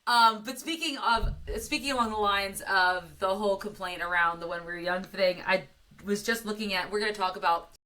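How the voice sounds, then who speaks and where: A woman's voice: medium pitch, fairly quick, pushed and bright, low-quality recording. An American woman co-hosting a podcast in casual chat, eager and full of filler words. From United States. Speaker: podcast co-host.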